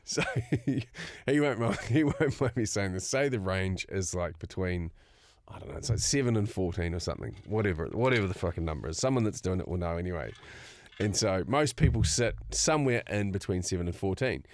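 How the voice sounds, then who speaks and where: A man's voice: sits low, lively intonation, fairly quick, a little mellow, dry recording. A man, co-hosting a podcast with blunt, crude banter and laughing asides. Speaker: podcast co-host. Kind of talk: casual podcast chat.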